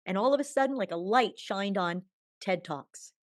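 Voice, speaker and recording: A woman guest telling a personal spiritual story in long, tumbling sentences, swinging from hushed murmurs to bright exclamations. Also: medium pitch, lively intonation, moderate pace, no room sound, studio quality. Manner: chatty, tumbling run-on sentences. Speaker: podcast guest.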